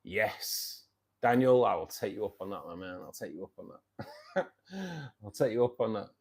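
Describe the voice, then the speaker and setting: A man's voice: on the low side, very animated, moderate pace, darkish tone, husky. A man, tired and self-mocking, chatting casually and laughing often as host of a live stream. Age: 50s. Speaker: livestream host.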